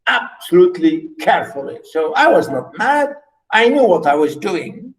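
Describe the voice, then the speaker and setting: A man teaching literature, reading a story aloud and explaining it slowly and emphatically, repeating key words. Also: on the high side, sing-song, low-quality recording.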